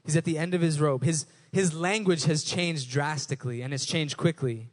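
A man's voice: fairly high pitch, normal speed. Man preaching a casual, conversational sermon. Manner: conversational, repeats words when rephrasing. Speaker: pastor.

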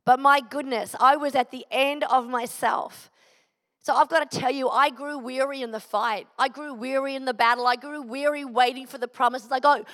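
A woman's voice: sits high, a bit bright. A middle-aged woman giving an earnest sermon, sharing a personal testimony and driving her points home with repeated phrases. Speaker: preacher. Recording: long hall reverb.

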